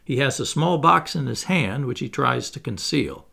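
A man's voice: mid-range voice, animated, moderate pace, creaky, sharp tone. A man reading a stage play aloud, narrating the stage directions. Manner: reads stage directions plainly.

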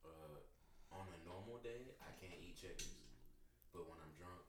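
A man in a casual group chat, joking with a drawn-out delivery. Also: deep voice, reverberant, heavy background noise. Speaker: podcast co-host.

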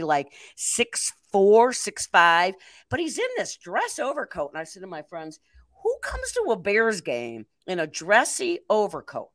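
An older woman with a fairly low voice, recorded dry, co-hosts a casual chat show. She tells a story as an animated storyteller and laughs a lot.

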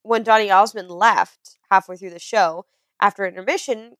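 A woman chatting casually, telling lively stories and acting out other people's voices. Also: medium pitch, moderate pace, dry recording. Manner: animated storyteller, acts out voices with laughter. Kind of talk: casual chat.

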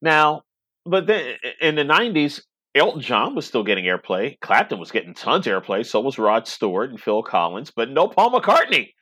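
A man's voice: mid-range voice, very animated, moderate pace, bright, forceful tone, slightly rough, dry recording. A middle-aged man chatting casually in a podcast conversation, rambling and laughing often. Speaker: web radio station owner, podcast guest.

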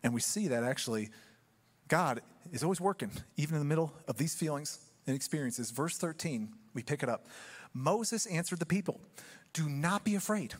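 A man with a high voice delivers a church sermon. He preaches with humor and acts out quick asides as he tells the story. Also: animated, husky. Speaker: pastor.

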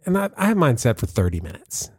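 A man's voice: mid-range voice, sing-song, fast talker, breathy edge, no echo, clean studio sound. A man co-hosting a podcast in casual, playful, teasing chat. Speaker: podcast co-host.

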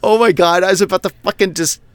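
A man from Texas co-hosting a casual podcast, telling a story in an animated way, with lots of swearing and laughter. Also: sits high, fast talker, smooth, dry recording. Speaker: podcast co-host. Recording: dry close mic, online call.

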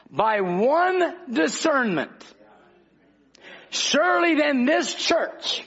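A man's voice: very high voice, big pitch swings, slow pace, a bit bright, breathy edge. A man preaching a fervent revival sermon, calling out to the congregation in rhythmic bursts. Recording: dull lo-fi old recording.

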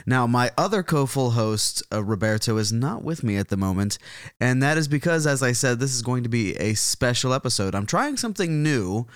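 A man's voice: mid-range voice, sing-song, normal speed, clear, resonant tone, dry recording. Guy hosting his podcast, rambly and chuckly, clean dry mic. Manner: rambling and chuckling, thinks aloud. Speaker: podcast co-host. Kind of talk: casual podcast introduction.

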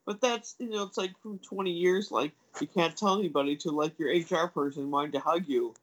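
Low-pitched woman telling a rambling story. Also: brisk, rough recording. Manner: rambling, hesitant, lots of fillers and restarts; acts out quoted voices with big pitch jumps. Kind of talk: casual storytelling chat.

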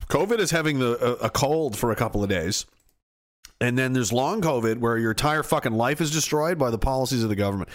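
A man's voice: medium pitch, animated, brisk. A man hosting a commentary show, delivering an angry political rant that is profane, sarcastic and mocking.

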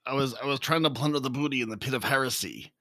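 A man's voice: medium pitch, racing, bright, forceful tone, dry recording, clean studio sound. A man co-hosting a podcast, teasing his friends and slipping pirate slang into casual chat. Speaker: podcast co-host.

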